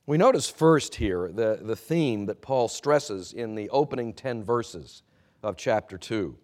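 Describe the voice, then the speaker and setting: A man preaching as a pastor, reading scripture and then giving a sermon in an earnest, measured way with frequent pauses and hesitations. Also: lowish voice, lively intonation, darkish tone.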